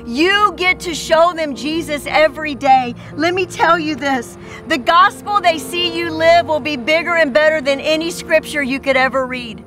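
Bright-voiced woman preaching. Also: sits high, unhurried, few pauses, soft background music. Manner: earnest, repetitive storytelling. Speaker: pastor. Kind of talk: sermon.

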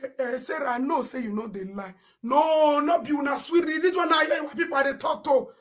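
Nigerian woman live-streamer, high and indignant, loud Pidgin rant. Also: a little fast. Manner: animated and indignant, often shouting and reading comments aloud.

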